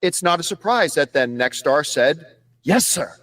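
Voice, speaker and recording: High, lively man in a dry clip. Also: moderate pace, dry recording. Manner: emphatic, lively, repeating for stress. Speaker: commentator in played clip. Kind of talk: commentary.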